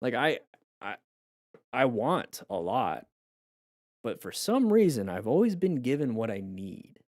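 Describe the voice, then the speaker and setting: A man who coaches motorcycle riding, his voice going hoarse, talks in a reflective, rambling way with viewers on a live stream, often restarting his sentences. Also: mid-range voice, very animated, a little slow, darkish tone, no echo, studio quality.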